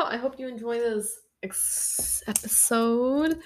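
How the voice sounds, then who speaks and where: A woman's voice: on the high side, slow. A woman hosting a solo podcast, chatting casually in a rambling, self-deprecating way. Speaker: podcast host.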